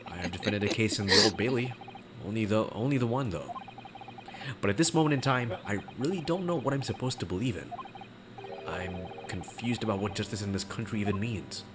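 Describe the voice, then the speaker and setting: A man reading game dialogue as an earnest young Japanese law student, polite and measured. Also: on the low side, noisy background, natural voice. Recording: music playing behind.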